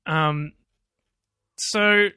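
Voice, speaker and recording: A man's voice: a little high, very slow, bright, forceful tone, clear, resonant tone, dry recording. A man co-hosting a podcast, chatting casually in a dry, sarcastic way. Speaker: podcast co-host. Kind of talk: casual political chat.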